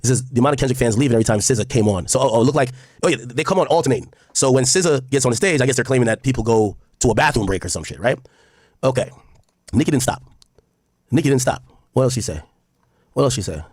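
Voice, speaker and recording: A man's voice: mid-range voice, lively intonation, quick pace, a little mellow, dry recording, clean studio sound. A man streaming casual commentary to his chat, reading posts aloud and reacting bluntly, with frequent profanity.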